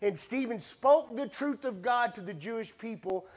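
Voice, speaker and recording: A man preaching a sermon with animated storytelling, acting out the voices in the story. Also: very high-pitched, moderate pace.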